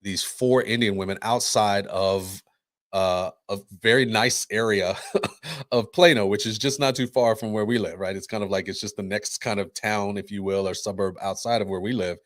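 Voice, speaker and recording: A man co-hosting a casual talk show, telling a story in an animated way and acting out the voices of the people in it. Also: fairly low pitch, moderate pace, no echo, clean studio sound. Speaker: podcast co-host. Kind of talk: casual chat.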